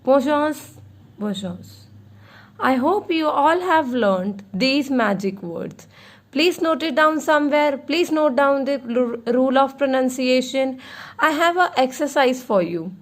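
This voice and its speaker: A woman teaching a beginner French lesson, speaking slowly and patiently and repeating each word. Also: high voice, lively intonation.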